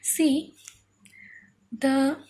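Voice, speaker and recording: A woman's voice: sits high, level tone, drawn-out words, warm tone, a little hiss or hum. A woman teacher giving a phonics lesson, spelling words out letter by letter and often checking in with "okay?".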